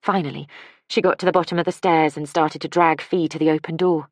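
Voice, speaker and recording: A woman narrates a novel with a calm, measured delivery. Her voice sits low, and the recording is close and dry with no room sound. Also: no echo. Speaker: audiobook narrator. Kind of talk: scripted narration.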